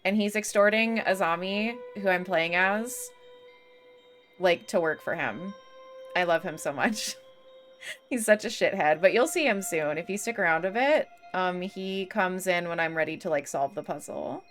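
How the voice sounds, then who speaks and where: A woman's voice: on the low side, measured pace, fairly bright tone. A young woman streaming a game, chatting casually with viewers; talkative, swearing freely, full of fillers and laughter. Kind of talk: casual live-stream chat. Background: faint game music.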